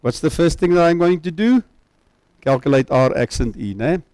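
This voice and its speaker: Guy lecturing, keeps asking if you follow, kinda high voice, dry sound. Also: animated, moderate pace, a little mellow, no echo, low-quality recording. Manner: questioning, checks understanding with tag questions. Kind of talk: university lecture.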